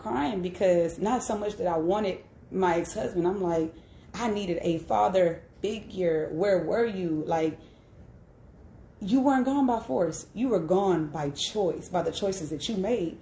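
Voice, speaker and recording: A woman's voice: lowish voice, warm tone, echoey room, a little hiss or hum. A woman in her thirties sharing a personal story on a live stream, candid and emphatic, often checking in with "right?". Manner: candid and emphatic, with frequent "right?" tag questions. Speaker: host.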